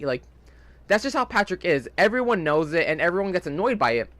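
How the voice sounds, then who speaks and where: Young man, casual gameplay chatter, lively swooping pitch, slightly high voice, rambling. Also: quick pace, dry recording. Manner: rambling, chatty storytelling with many fillers. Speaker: gaming channel host.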